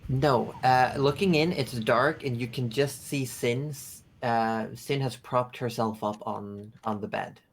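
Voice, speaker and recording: A man's voice: mid-range voice, slow, creaky, hardly any pauses. Aussie guy running a d&d game, mid voice, lots of likes and uhs while describing stuff. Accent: Australian. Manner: descriptive, filler-heavy storytelling. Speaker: game master. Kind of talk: narrating a tabletop game.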